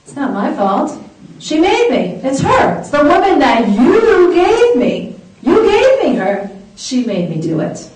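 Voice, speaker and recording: A woman's voice: high voice, sing-song, a little slow, few pauses, a little mellow, far from the mic, slight background noise, pitched above the performer's own voice. A woman playing a defensive man who blames his wife, in a whiny, pleading way. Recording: echoey hall from afar.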